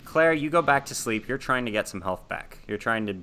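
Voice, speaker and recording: A man's voice: medium pitch, animated, a little fast, pushed and bright, slight background noise. A man narrating a tabletop horror game as game master, casual, with laughing asides and many ums.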